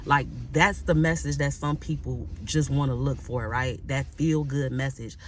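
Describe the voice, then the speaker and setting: A woman's voice: extremely low pitch, steady tone, a little slow, hardly any pauses, slight background noise. Emphatic woman preaching to her viewers. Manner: emphatic, repeats phrases, frequent tag "right?"; addresses audience directly and casually. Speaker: Christian life coach. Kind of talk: motivational preaching to camera.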